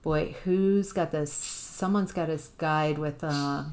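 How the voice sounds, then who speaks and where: A woman giving an intuitive tarot reading to the viewer, musing and halting, with sudden exclamations of surprise. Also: deep voice, darkish tone. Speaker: tarot reader.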